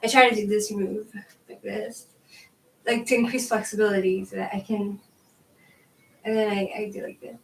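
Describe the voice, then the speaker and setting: A woman talking in a loose, rambling way, filling her sentences with "like" and breaking into laughs. She is a bit out of breath as she works through stretches, and her voice sits at a middle pitch. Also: steady tone, brisk, a little hiss or hum, low-quality recording. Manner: rambling, chatty, laughs often, says "like" a lot. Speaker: tarot channel host. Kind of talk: casual chat while showing yoga moves. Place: at home with her dog.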